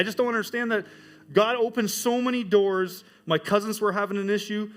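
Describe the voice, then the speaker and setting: A middle-aged man telling his church testimony as a teacher, with animated storytelling. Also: high voice, moderate pace. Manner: animated storytelling, acts out quoted voices. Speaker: high school teacher giving a testimony.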